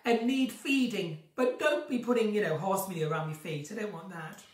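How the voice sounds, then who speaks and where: A woman's voice: mid-range voice, a little fast. A woman chats through a casual live stream at home, reading out questions and answering with theatrical flair. She sounds a little distant from the mic, and the room gives her voice a noticeable echo. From northern England. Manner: chatty, theatrical, reads out comments and answers them. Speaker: live chat host answering viewer questions.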